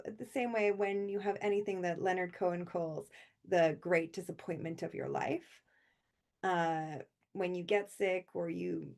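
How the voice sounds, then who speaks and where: Woman author, gravelly fry, loose rambling chat full of laughs. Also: mid-range voice, a little mellow. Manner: rambling, laughs often between thoughts. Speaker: author speaking at a convention livestream. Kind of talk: chatty informal talk before a reading.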